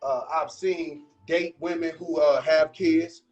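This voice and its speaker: A man's voice: fairly high pitch, steady tone, slow, a little mellow, highs cut off. Chatty man hosting a home cooking stream. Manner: chatty, loose, talks to viewers directly. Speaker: cooking show host. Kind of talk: casual live cooking chat. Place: home kitchen. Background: faint jazz music.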